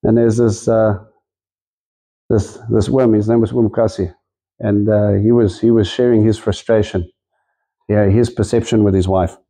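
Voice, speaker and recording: A man's voice: lowish voice, flat delivery, normal speed, dark tone. A man preaching a sermon in a conversational, storytelling way, acting out the quotes in his stories.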